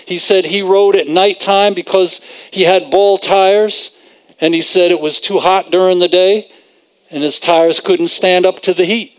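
A man's voice: high-pitched, fairly even intonation, measured pace. A man preaching a conversational sermon, repeating phrases for emphasis and quoting scripture.

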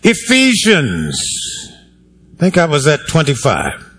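A man preaching in a church sanctuary, his voice sitting a little higher than most men's. He talks to the congregation in a wry, conversational way and draws them in with questions. The delivery is a sermon, not a lecture. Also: huge pitch swings, takes it slowly, fairly bright tone, slightly rough. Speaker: pastor.

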